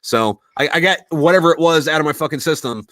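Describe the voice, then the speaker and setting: A man's voice: a little high, quick pace, a bit bright, no echo. A man hosting a podcast, telling rambling stories in casual chat and swearing constantly. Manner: profane, rambling storyteller. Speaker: podcast host.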